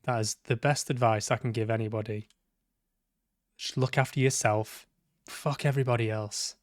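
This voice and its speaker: A man's voice: mid-range voice, fairly even intonation, moderate pace, no echo, studio quality. A man giving sweary, sarcastic live commentary on a game he is playing, talking back at the characters. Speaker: game streamer. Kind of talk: live let's-play commentary.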